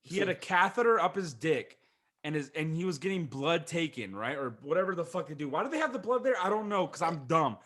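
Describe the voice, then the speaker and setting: A man's voice: a little high, expressive, a little fast, a bit bright. A young man co-hosting a podcast, bantering casually, swearing and calling people bro and dude. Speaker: podcast co-host.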